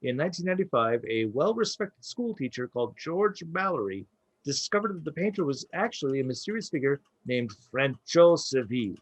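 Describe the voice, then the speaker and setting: A man's voice: mid-range voice, very animated, brisk, slightly rough, no echo, poor audio. A man hosting a comedy podcast, reading a prepared story with wry asides. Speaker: podcast host.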